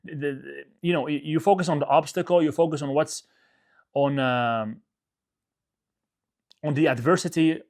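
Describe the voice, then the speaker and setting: A man's voice: fairly high pitch, normal speed, pauses often, a little mellow. A male coach giving a motivational talk to his audience, emphatic, repeating his phrases and often checking in with "okay?".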